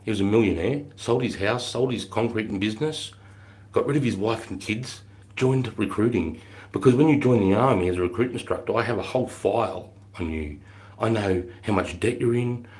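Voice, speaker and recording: A man's voice: on the low side, brisk. A middle-aged Australian man, a former army recruit instructor, telling stories casually on a livestream in a blunt, profane way. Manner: blunt and profane, bursts into shouted drill-sergeant quotes.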